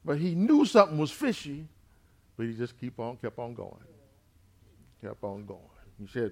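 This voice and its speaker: A man preaching a sermon. He retells a scripture story in his own words, dropping in "amen" and swinging between loud and quiet. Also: mid-range voice, expressive, a little fast.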